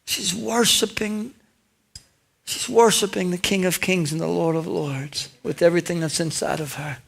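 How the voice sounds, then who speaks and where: A male pastor preaching a sermon in a lively storytelling way, acting out lines and talking directly to his congregation. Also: sits high, normal speed, gravelly, husky. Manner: conversational asides to the congregation.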